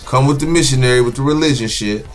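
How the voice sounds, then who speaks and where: A man's voice: medium pitch, fast talker, faint music behind. A man talking bluntly and profanely in a casual podcast conversation. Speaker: podcast co-host.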